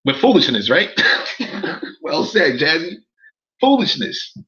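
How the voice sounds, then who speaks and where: A man's voice: fairly high pitch, sing-song, takes it slowly, pushed and bright, highs cut off. A man, ranting in a casual livestream, talking straight to his chat, repeating himself and swearing as he gets worked up. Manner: heated, profane, repeats phrases, talks to chat. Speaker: livestream commentator.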